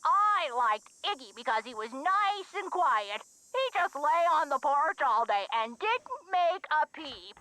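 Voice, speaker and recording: Older game lady, ex of a gangster, folksy drawl, bright tone, slightly high. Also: very animated, measured pace, no room sound, exaggerated voice, poor audio. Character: older woman, gangster's former sweetheart, folksy. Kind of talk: video game voice acting.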